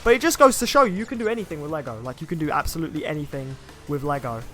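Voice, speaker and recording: A man's voice: a little high, expressive, very fast, a bit bright. A young man chatting casually while streaming a video game, rambling and reading viewer comments aloud. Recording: faint game music behind.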